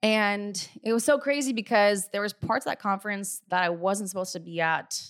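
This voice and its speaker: A woman's voice: mid-range voice, moderate pace. A young woman telling her viewers an earnest personal faith testimony, confiding and casual, with many asides to them. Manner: earnest and confiding, often says "you guys" and "like". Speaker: business team leader.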